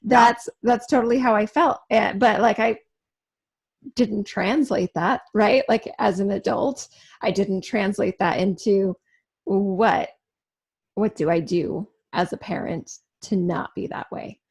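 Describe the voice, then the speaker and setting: A woman co-host chatting casually on a podcast, musing and halting as she thinks aloud. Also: medium pitch, steady tone, gravelly, darkish tone, breathy edge. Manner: musing, halting with restarts and fillers. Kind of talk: casual chat.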